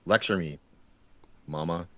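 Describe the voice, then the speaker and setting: A man's voice: sits low, measured pace, dry recording. A man making dry, sarcastic remarks in a casual watch-party chat.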